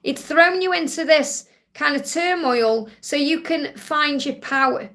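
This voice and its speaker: A woman's voice: high voice, unhurried, sharp tone. A woman with a Stoke-on-Trent accent hosts a live question-and-answer stream as a spiritual reader, speaking in a soothing, reassuring way and often checking in with "okay?". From England.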